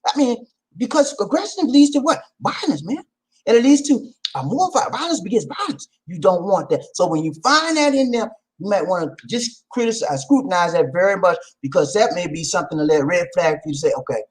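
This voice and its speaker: A man hosting a casual advice talk, animated and preachy, with slang and loud laughs at his own jokes. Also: high-pitched, fairly quick, poor audio. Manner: slangy, repeats "man" and "okay". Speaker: vlog host.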